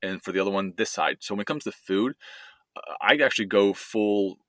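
A man in his thirties talks in a relaxed, rambling way on a podcast. His voice sits low but has a bright, forward edge. The sound is dry and close to the mic. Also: a little fast, dry recording. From United States. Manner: easygoing, rambling, restarts often. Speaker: podcast co-host. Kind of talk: casual family chat.

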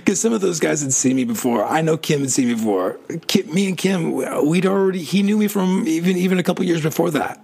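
A man's voice: a little high, fast, vocal fry, hardly any pauses, a little mellow, breathy edge. A man telling an emotional personal story in a casual way, acting out quotes and laughing often. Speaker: storyteller recalling his music past.

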